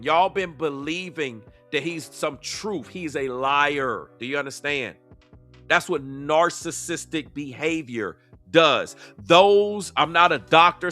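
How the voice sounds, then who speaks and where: High, bright-voiced man calling someone out. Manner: confrontational, rhetorical questions. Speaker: YouTube commentator. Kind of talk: heated reaction commentary.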